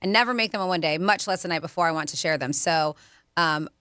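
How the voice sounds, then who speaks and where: A woman's voice: lowish voice, quick pace, fairly bright tone, smooth, no room sound, studio quality. A woman co-hosting a radio show, reading listener texts aloud in a chatty way. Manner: chatty, laughs while reading. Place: radio studio. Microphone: studio microphone.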